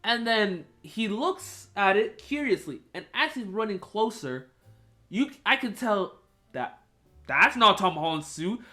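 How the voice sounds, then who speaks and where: A young man hosting a podcast, retelling a film scene in an excited, animated, casual way. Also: high-pitched, a little slow, soft background music. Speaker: podcast host. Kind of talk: casual chat.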